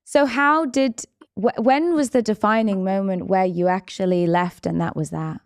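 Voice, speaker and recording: A woman hosting a podcast interview, asking gentle, sympathetic questions. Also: medium pitch, normal speed, clean tone, no room sound, clean studio sound. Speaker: podcast host.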